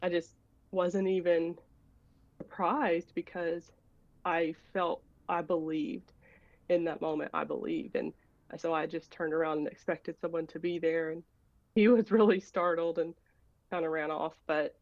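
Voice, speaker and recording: A woman calls in over video and stumbles through a casual personal story, full of fillers and restarts, in order to ask her question. Her voice is lowish and level, a little slow. The audio is dull, dry and lo-fi, with no room sound.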